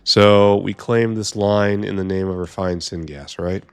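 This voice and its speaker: Low-voiced man muttering through gameplay. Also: fairly even intonation, a little slow, smooth. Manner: mutters to himself, wry asides. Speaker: gameplay streamer. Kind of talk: casual gameplay commentary.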